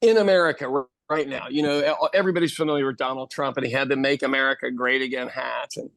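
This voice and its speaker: A man in his fifties from Ireland, a podcast co-host telling stories in casual chat, animated and swearing freely, acting out other people's lines. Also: medium pitch, fast, creaky, dry recording. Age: 50s.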